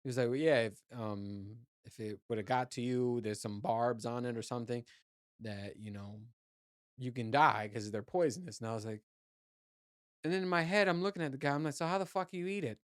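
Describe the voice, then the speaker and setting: Raised in Puerto Rico, this podcast host still has clogged ears from diving. Speaking at a moderate pace in a mid-range voice over dry, clean studio sound, he casually rambles through a profane story for his listeners and laughs at himself along the way.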